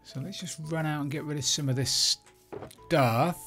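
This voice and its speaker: A man's voice: on the high side, normal speed, a bit bright, faint music behind. Chatty Englishman narrating his game build. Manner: chatty, thinks aloud while building. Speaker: Minecraft let's play creator. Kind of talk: casual gameplay commentary.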